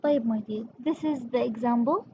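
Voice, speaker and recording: A woman's voice: fairly high pitch, brisk, dark tone, dull audio, a little hiss or hum. A woman English teacher, explaining grammar step by step in a patient way and calling her students "my dear". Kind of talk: classroom revision lesson.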